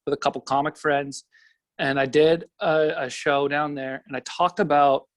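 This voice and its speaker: A man's voice: on the high side, steady tone, normal speed, no echo. A young Canadian man, a comedian guest, telling stories in a rambling, profane way on a casual podcast.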